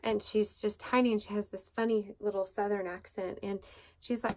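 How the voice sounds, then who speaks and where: In a level, darkish, mid-range voice at a moderate pace, this devotional podcast host recounts her own faith story. Her delivery is casual and conversational, with frequent fillers and false starts.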